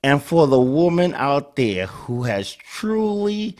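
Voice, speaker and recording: Male host, casual talk, lively swinging delivery. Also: fairly high pitch, slow. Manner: animated, acts out dialogues. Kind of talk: casual commentary.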